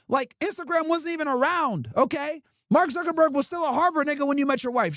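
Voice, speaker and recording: Brief: high-pitched man, stream host, blunt profane rants, dry close sound. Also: fairly quick, a bit bright, no echo. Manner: profane, blunt, emphatic ranting. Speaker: livestream host. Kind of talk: casual streaming rant reacting to clips.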